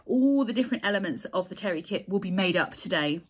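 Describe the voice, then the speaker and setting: A woman in casual chat to camera, talking about her crochet work in a heartfelt, chatty way, with restarts and soft laughs; she says she is tired. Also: mid-range voice, lively intonation, fast talker, husky. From England. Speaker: crochet designer and vlogger.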